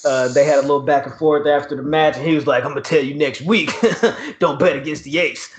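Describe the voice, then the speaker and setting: Speaking briskly in a fairly high voice, a podcast co-host laughs his way through a slangy, animated wrestling recap. The room is echoey and the audio dull and lo-fi.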